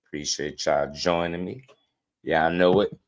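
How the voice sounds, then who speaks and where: A man with a fairly low voice hosts a boxing livestream in a loose, casual chat style. He talks in slang, gets excited quickly and breaks into laughter often.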